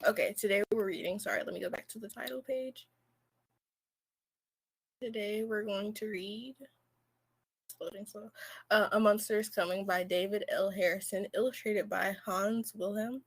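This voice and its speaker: A woman's voice: mid-range voice, fairly even intonation, normal speed, long pauses, slightly rough. A teenage girl on a video call reading a picture book aloud, correcting slips as she goes. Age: teens. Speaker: student volunteer reader.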